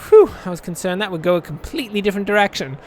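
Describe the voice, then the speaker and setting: A man's voice: sits high, animated, racing, a little mellow, slight background noise. A man reading a text game aloud with playful, rambling, jokey asides. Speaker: game streamer.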